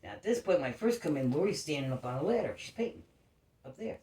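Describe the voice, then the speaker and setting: Woman, casual storytelling, rambling and profane, very lively pitch, echoey room. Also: fast talker. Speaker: neighbor telling a story. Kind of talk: casual chat.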